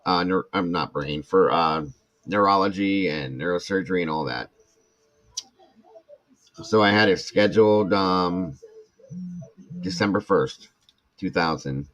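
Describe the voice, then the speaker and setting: A man's voice: low voice, unhurried, pauses often, fairly bright tone, lo-fi sound. An older man, telling a long personal story as a podcast host in casual chat and acting out what others said. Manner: rambling, acts out quoted speech.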